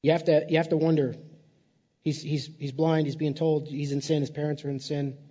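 A man's voice: a little high, little pitch movement, a little fast, warm tone, big-room sound, highs cut off. A man preaching a sermon in a conversational way, repeating words and adding playful asides. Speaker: pastor.

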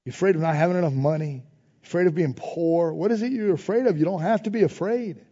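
Male pastor, sermon, high mellow voice, casual phrasing, call-and-response refrains, reverberant hall. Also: fast, breathy edge, lo-fi sound. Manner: preaching with rising emphasis, repeated refrains and call-and-response; informal phrasing, dropping to soft prayerful tones.

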